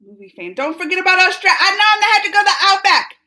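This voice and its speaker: Racing along with a sharp, very high voice that swings widely in pitch, this livestream reaction host reads out comments from viewers and laughs constantly. She's chatty and meandering, and the recording is rough.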